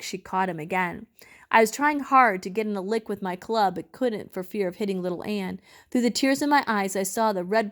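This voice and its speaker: A woman reading a novel aloud, telling the story in an expressive, measured way. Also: mid-range voice. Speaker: reader.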